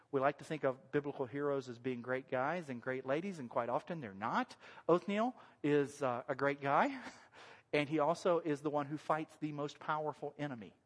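A male pastor preaching a sermon in a church, talking in a conversational, animated way and joking with the congregation. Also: on the high side. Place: church sanctuary. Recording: long reverb of a large hall.

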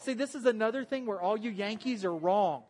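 A man's voice: sits high, a little fast, darkish tone, long reverb tail. Southern male pastor, chatty sermon, self-deprecating humor. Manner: joking, conversational, self-deprecating. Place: church meeting room.

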